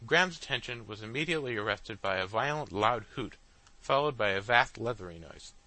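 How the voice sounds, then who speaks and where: A man narrating a classic novel as an audiobook in a steady literary reading. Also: fairly low pitch, a little fast, no echo, low-quality recording. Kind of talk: scripted narration.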